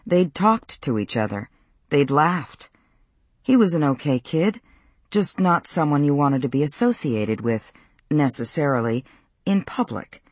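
A man narrating a novel in a measured, even storytelling voice. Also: a little high, breathy edge, no room sound. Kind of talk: audiobook narration.

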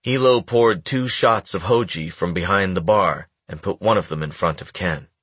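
Low, husky man for audiobook narration, dry booth, measured delivery. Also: no echo. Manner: measured, even storytelling. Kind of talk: scripted narration.

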